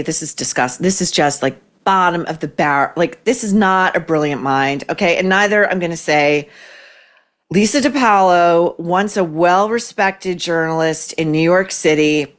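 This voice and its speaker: A woman hosting a commentary podcast, talking in a sarcastic, cutting way. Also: on the low side. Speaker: podcast host. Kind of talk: opinionated commentary.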